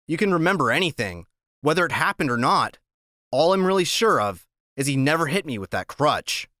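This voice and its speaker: A man reads a first-person audiobook in a casual, plain-spoken way. His voice is bright and forceful, with an animated melody. The studio sound is dry and close to the microphone. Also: mid-range voice, no echo. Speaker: audiobook narrator.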